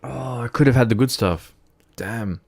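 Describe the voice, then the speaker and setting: Speaking slowly in a creaky, medium-pitched voice, this Australian man from Melbourne is drunk while streaming a driving game. His casual talk rambles, he swears a lot, and he keeps laughing.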